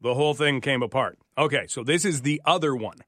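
A man's voice: mid-range voice, brisk, a bit bright, dry recording, clean studio sound. A man hosting a radio show, tasting and reacting in a friendly, casual way. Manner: friendly, reacts with short interjections. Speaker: radio host. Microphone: studio microphone.

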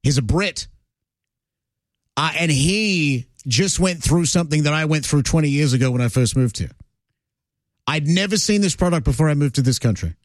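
A man's voice: a little high, animated, normal speed, no room sound. Chatty radio host man, dry studio. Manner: chatty, joking, many fillers. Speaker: radio talk show host. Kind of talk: casual radio talk. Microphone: studio mic.

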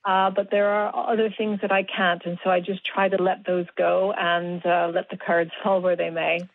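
A woman guest speaks calmly and thoughtfully, laying things out step by step. Her voice comes through a narrow, tinny phone line. The sound is dry, with no room around it. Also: on the low side, dry recording. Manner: measured, reflective explanations. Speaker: guest, doctor and mountaineer. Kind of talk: radio interview over the phone.

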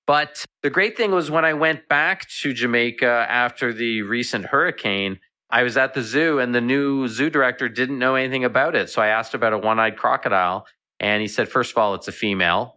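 A man's voice: mid-range voice, fairly quick, bright, forceful tone, smooth. A man, a veterinarian and author, chatting as a guest in a radio interview and telling animal stories. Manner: chatty storyteller, repeats words.

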